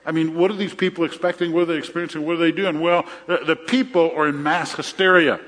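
A man's voice: fairly high pitch, steady tone, fast talker, a bit bright. A middle-aged man preaching a sermon as a pastor, conversational, often repeating his phrases and telling jokes. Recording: reverberant hall.

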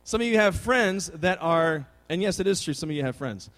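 A man, preaching a sermon as a youth pastor with animated, conversational storytelling. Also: sits high, fairly quick.

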